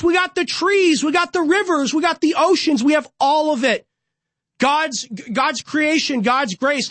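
A young man hosts a political show from a studio, ranting passionately in a monologue built on repeated rhetorical crescendos. His voice is high and fairly bright, with no room sound.

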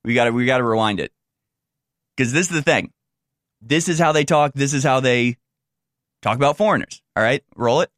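Animated man commenting, dry sound. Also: mid-range voice, a little fast, long pauses, dry recording. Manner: animated, rambling, incredulous. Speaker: political commentator. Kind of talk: casual commentary over video clips.

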